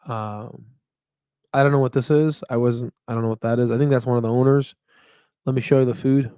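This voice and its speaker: A mid-range, slightly mellow male voice comes through clean and echo-free. It belongs to a stock market channel host running a casual live stream, cheerful and talkative, rambling with plenty of fillers and the phrase "you know what I mean."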